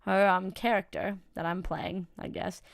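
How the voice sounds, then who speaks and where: A woman's voice: mid-range voice, steady tone, unhurried, gravelly, no echo. Young woman gamer reading a visual novel aloud with wry asides; dry, close sound. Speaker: let's-play host.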